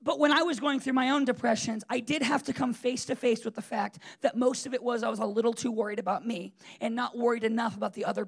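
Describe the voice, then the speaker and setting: A man's voice: very high voice, gravelly, slightly rough. A man preaching a sermon in a conversational, emphatic way, with frequent fillers and restarts.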